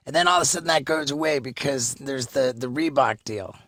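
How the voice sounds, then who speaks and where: Bright, dry-miked podcast host. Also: male voice, medium pitch, no echo. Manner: halting, many restarts and fillers. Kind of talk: casual podcast chat.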